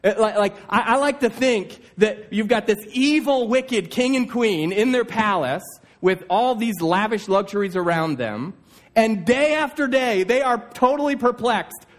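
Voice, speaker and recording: A man's voice: high voice, animated, unhurried. A man preaching a sermon, telling stories and acting out voices in an earnest, encouraging way. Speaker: pastor.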